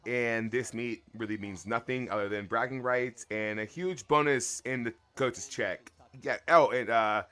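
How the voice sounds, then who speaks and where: A man with a bright, forceful voice talks loosely to his live-stream chat. He jokes and calls his viewers y'all, and his pitch sits in a middle range. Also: a little slow, clear, resonant tone. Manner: chatty, joking, addresses chat as y'all. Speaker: livestream host. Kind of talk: casual watch-along chat.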